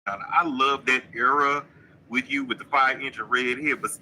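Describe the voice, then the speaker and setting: Bright, animated man riffing on celebrity news. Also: medium pitch, normal speed, slight background noise, rough recording. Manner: animated, playful, reads news aloud then riffs. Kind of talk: casual livestream commentary.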